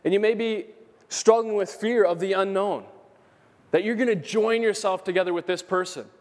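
A man's voice: high voice, normal speed, a little mellow. A man pastor preaching an earnest, emphatic sermon in a church, repeating key phrases for emphasis. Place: church sanctuary. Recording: long hall reverb.

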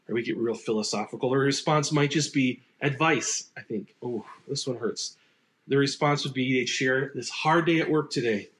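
A male pastor with a mid-range voice delivers a relaxed, conversational sermon at a brisk pace. He speaks unscripted and acts out sample replies in quoted voices.

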